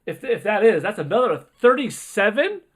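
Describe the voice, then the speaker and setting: A man hosting a casual livestream, reading out donations in an excitable, rambling way and often exclaiming. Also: high voice, moderate pace, husky. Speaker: livestream host.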